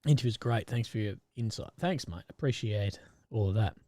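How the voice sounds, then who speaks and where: A man's voice: lowish voice, fairly quick, dark tone, no echo. A man, hosting a live stream and giving loose, conversational commentary while reading viewer chat, often swearing and restarting his sentences. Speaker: independent reporter and live-stream host.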